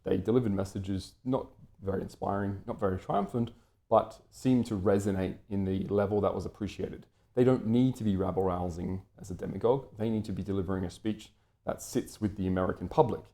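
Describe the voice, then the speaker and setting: A man's voice: low voice, fairly even intonation, brisk, warm tone. A man from Britain talking through an unscripted, lecture-style commentary, wordy and full of fillers and restarts.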